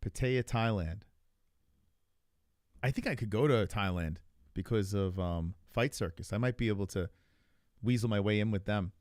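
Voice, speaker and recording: A man's voice: lowish voice, moderate pace, pauses often, darkish tone, dry recording, clean studio sound. A man hosting a live stream, chatting casually and crudely with his viewers while reacting to videos. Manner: loose, rambling, crude, talks to chat. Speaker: streamer host.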